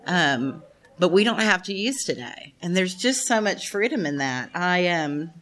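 Her lowish, fairly bright voice has lively intonation and a measured pace as this woman in her fifties gives frank testimony at a recovery meeting. She speaks straight to the group, swearing and laughing frequently.

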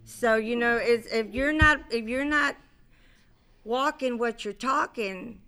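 Speaking slowly, this middle-aged woman shares her story candidly with a recovery convention audience from the stage. Her voice is fairly high, sharp, clear and resonant, and she wanders along with lots of fillers, restarts and offhand swearing.

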